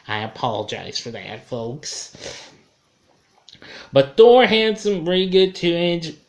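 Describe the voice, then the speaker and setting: Guy chatting slowly about a movie, loose and rambly, keeps fixing his slips. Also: fairly high pitch. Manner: rambling, self-correcting, chuckles at his own slips. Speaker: film reviewer. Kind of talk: casual film review.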